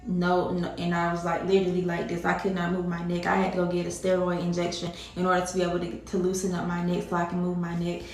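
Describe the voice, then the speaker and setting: A woman's voice: on the low side, monotone, fast, few pauses, a little mellow, far from the mic. A woman vlogger telling a personal story to her viewers in a casual, emphatic way, repeating herself and addressing them directly. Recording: very echoey room.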